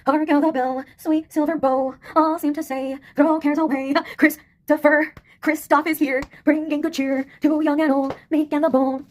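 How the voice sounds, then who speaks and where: A woman's voice: high-pitched, flat delivery, moderate pace, hardly any pauses, natural voice. A woman voicing an unhinged female villain who taunts and goads a giant, swearing and breaking into singsong. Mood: taunting. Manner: erratic, swearing, singsong outbursts.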